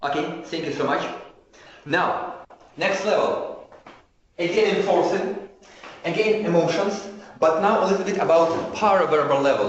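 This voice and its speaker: A man leads an online training session, and his voice sits a little high for a man. He speaks haltingly and often restarts his phrases. The call sounds very echoey and dull. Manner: explanatory, demonstrates pitch and pace changes.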